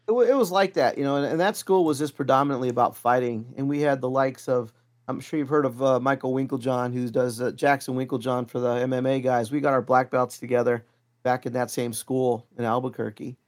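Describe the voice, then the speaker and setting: A man in a relaxed interview, telling a long story with a lot of energy. He slips into other people's voices as he quotes them, keeping a middle-pitched voice throughout. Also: a little fast. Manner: animated, acts out quoted voices. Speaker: martial arts instructor, guest. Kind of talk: casual storytelling.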